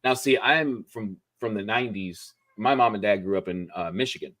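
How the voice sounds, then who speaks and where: A male host with a somewhat low voice, chatting casually on a live stream. He rambles in an upbeat way and leans on fillers as he thinks aloud. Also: moderate pace, a bit bright.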